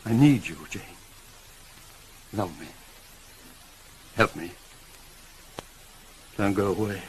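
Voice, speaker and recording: An actor playing a brooding gentleman master of a manor in a 1950s television drama, commanding but turning soft and pleading. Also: mid-range voice, animated, moderate pace, a little hiss or hum, natural voice, low-quality recording. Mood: earnest. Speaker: employer.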